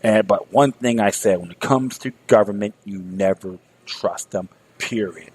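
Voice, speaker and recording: A man's voice: on the low side, measured pace, a little mellow, slightly rough, rough recording. A man hosting a political commentary talk show, sarcastic and fiery, rallying his listeners and repeating words as he starts sentences. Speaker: show host.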